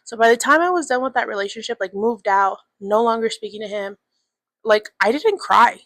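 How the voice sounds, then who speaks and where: A young woman in her twenties hosts a podcast, speaking candidly in a loose, chatty personal monologue full of swearing and filler words. Her voice is on the high side, brisk and fairly bright, and the recording is dry.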